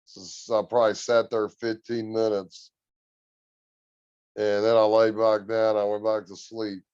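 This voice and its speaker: A man guest on a podcast, telling a story in an earnest, relaxed, drawn-out way. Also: lowish voice, clean tone, no echo, muffled recording. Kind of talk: casual storytelling.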